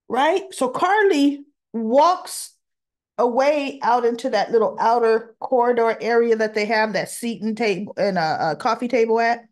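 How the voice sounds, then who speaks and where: A woman hosting a casual soap opera recap vlog, chatty and expressive as she retells the episode. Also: on the high side, measured pace. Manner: chatty and expressive, acts out quotes with laughs.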